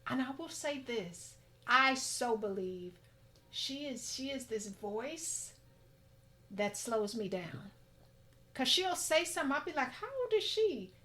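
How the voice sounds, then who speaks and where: A middle-aged woman guest in a casual interview, talkative and reflective, breaking into laughter. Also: slow pace. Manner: talkative, reflective, laughs and pitch jumps when excited.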